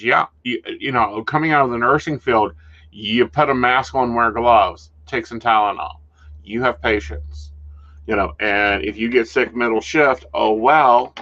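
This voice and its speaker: A man with a bright, forward tone co-hosts a casual talk show. He relays news items with dry humor. The recording sounds a little dull and lo-fi. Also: mid-range voice. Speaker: podcast co-host. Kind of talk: casual chat and reading news.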